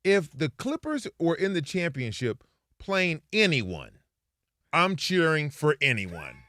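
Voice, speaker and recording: A man co-hosting a sports talk show, telling stories in animated, casual chat with playful quoted voices. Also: fairly high pitch, slow, no echo, studio quality.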